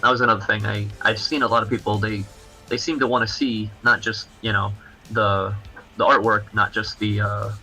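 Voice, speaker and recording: A man, a comic book creator guesting on a livestream, chatting casually in halting, rambling explanations. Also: fairly low pitch, level tone, bright, forceful tone, soft background music, poor audio.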